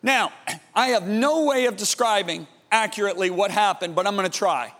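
A man preaching a sermon, telling a story dramatically and dropping to a hushed, awed tone. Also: sits high, normal speed, big-room sound. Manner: dramatic, swings from loud emphasis to hushed awe.

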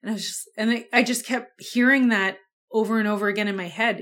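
A woman's voice: medium pitch, fairly even intonation, fast talker, a bit bright. A young woman talks into her podcast mic as she tells her own story. She is candid and loose, drops in fillers and now and then a curse, and speaks in a middle-range voice. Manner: candid and conversational, with frequent swearing and fillers. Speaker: podcast host. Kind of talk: personal storytelling monologue.

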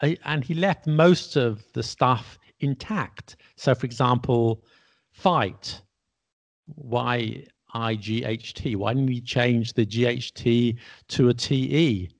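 A British man co-hosting a podcast explains spelling in a casual, educational chat, wryly spelling words out letter by letter. His voice is medium-pitched and slow, with vocal fry.

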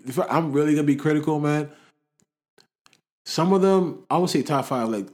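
A young man from the area, telling stories in a slangy, animated way during a casual chat. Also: fairly high pitch, moderate pace. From Toronto area, Canada.

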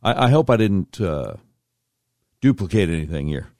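A man's voice: sits low, big pitch swings, normal speed, gravelly, darkish tone, no room sound, clean studio sound. A middle-aged man hosting a talk radio show, commenting with emphatic, incredulous asides.

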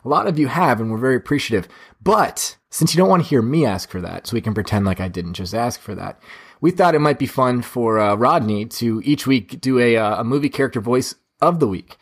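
A man's voice: mid-range voice, lively intonation, a little fast, slightly rough. A man hosting a movie podcast in casual chat, with a dry, teasing way of talking. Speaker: podcast host.

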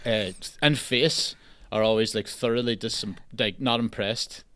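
A young man with a Donegal Irish accent from the border area, chatting casually on a podcast in a flat, deadpan, unimpressed-sounding way. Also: mid-range voice, unhurried, smooth, dry recording. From Donegal, Ireland. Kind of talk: casual chat.

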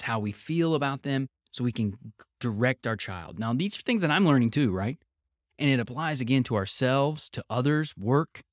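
A man's voice: medium pitch, no echo, clean studio sound. A man hosting a podcast, reading passages from a book aloud and explaining them in an earnest way, restating his key points. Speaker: podcast host.

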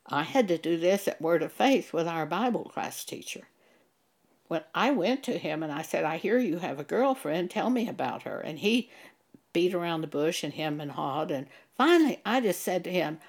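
A woman's voice: lowish voice, sing-song, unhurried. An older woman giving an earnest, emphatic Bible teaching, quoting scripture and telling of her own church experiences.

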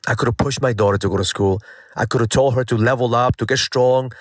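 A man's voice: mid-range voice, fairly even intonation, fast talker, no echo. A middle-aged man shares a personal story as host of his daily motivational message. He talks earnestly and casually, leaning on repeated phrases to drive points home. The recording is dry and close, with no room sound. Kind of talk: casual spoken reflection.

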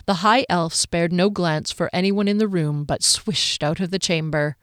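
Woman, audiobook narrator, smooth clear voice, dry close sound. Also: normal speed, no room sound. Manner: calm, even storytelling that shifts pitch for quoted characters.

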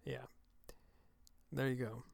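A man hosting his own talk show, delivering an angry, profane political rant into a close microphone, with shouted outbursts. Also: mid-range voice, level tone, slow, creaky, no echo. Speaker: show host. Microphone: close studio mic.

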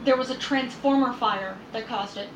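A chatty woman talking casually at home, slightly high voice, stumbling through news details with fillers. The room is roomy and echoey, with steady background noise clearly audible. A home recording. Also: moderate pace. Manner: chatty, reads news aloud with many fillers. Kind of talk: casual chat. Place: at home, indoors.

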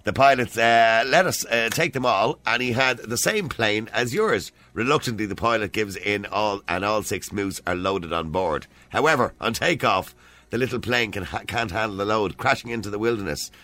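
A man's voice: lowish voice, expressive, moderate pace, bright, forceful tone. A man hosting a radio show, telling jokes in casual chat. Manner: jokey, does put-on accents in jokes. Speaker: radio host.

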